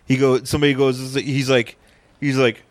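A man's voice: mid-range voice, level tone, moderate pace, dry recording. A man co-hosting a podcast, recapping a comic in rambling casual chat that often restarts its sentences. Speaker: podcast co-host.

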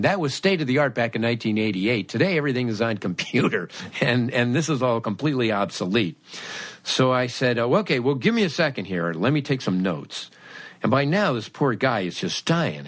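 A middle-aged podcast host with a medium-pitched voice tells a wry, self-mocking story about himself, acting out both sides of the conversation. There's no room sound.

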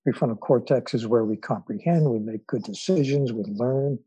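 A man speaks as a podcast guest with a very husky, mellow voice, unhurried and thoughtful, often pausing on fillers as he tells stories. His voice sits in a middle register. It is recorded close and dry, with no room sound. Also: medium pitch, no room sound, low-quality recording. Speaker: interview guest, psychologist and author. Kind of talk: relaxed storytelling in conversation.

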